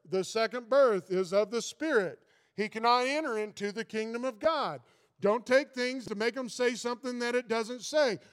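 A man preaching a sermon as pastor, reading scripture aloud and pressing his points with emphatic exhortation. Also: very high voice. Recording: long reverb of a large hall.

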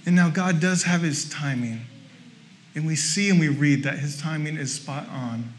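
A pastor delivers a sermon at normal speed in a conversational, self-mocking manner. Whenever he acts out his own frustration, his voice jumps into high bursts.

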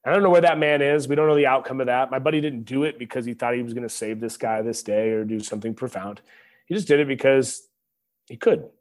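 A man's voice: medium pitch, fast. A man in his thirties, a former football linebacker, sharing an earnest, preacher-like story as a podcast guest, speaking to listeners as y'all. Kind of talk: reflective storytelling.

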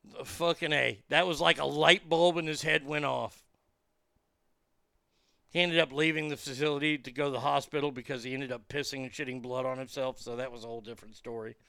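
A man telling a profane, animated story in casual chat, with lots of fillers and restarts. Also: mid-range voice, brisk, vocal fry, clean tone, dry recording, studio quality. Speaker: comedian and podcast guest.

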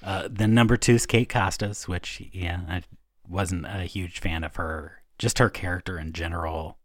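A woman's voice: fairly even intonation, no echo, clean studio sound. A woman co-hosting a podcast, chatting casually with lots of fillers and restarts. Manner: low-pitched, halting, many fillers. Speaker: podcast co-host. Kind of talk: casual chat.

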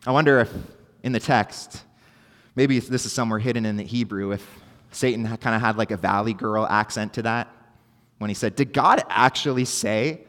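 A man's voice: fairly low pitch, fairly even intonation, brisk, fairly bright tone, in a large hall. A man preaching a sermon as pastor, earnest and emphatic, repeating key phrases for weight.

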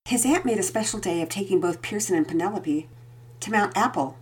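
Breathy, expressive storybook narrator woman. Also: mid-range voice, a little fast. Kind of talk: storybook read-aloud narration.

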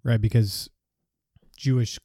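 A male podcast co-host in casual discussion, chiming in with quick remarks and questions. His pitch is mid-range and the recording sounds dry and close. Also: fairly even intonation, dark tone, no room sound.

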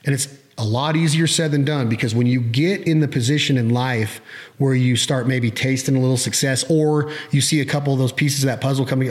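A middle-aged man hosting a podcast, chatting casually, often acting out his own thoughts in quick quoted bursts and swearing casually. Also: mid-range voice, steady tone, a little mellow. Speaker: podcast host.

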